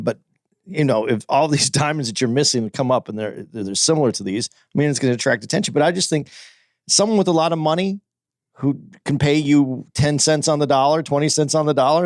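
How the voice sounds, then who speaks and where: A man talks quickly and with strong opinions on a podcast, often stumbling and restarting mid-sentence. His voice sits at a middle pitch and sounds dry and close. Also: darkish tone, no echo. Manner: rapid, opinionated, frequent restarts. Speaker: podcast co-host. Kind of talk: casual chat.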